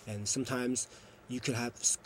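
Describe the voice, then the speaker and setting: A man's voice: medium pitch, steady tone, normal speed, a bit bright, slight background noise. A man, a youth program coordinator, earnestly explaining at length in a TV interview. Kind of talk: TV interview answer.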